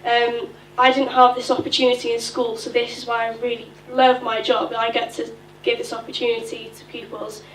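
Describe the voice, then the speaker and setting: A young woman with a Welsh accent giving a chatty conference presentation, with a lively storytelling manner. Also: a little high, moderate pace, hardly any pauses, slight background noise. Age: young adult. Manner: chatty, lively anecdote-telling. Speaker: conference speaker. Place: conference hall. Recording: echoey hall from far off.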